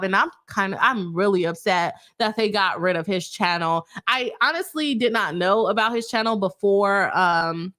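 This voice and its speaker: A woman's voice: medium pitch, fairly bright tone. A young woman, a lawyer hosting a casual livestream, chatting, laughing often and reading out viewers' comments. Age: young adult. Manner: chatty, laughs often, reads out chat messages. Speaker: livestream host, attorney.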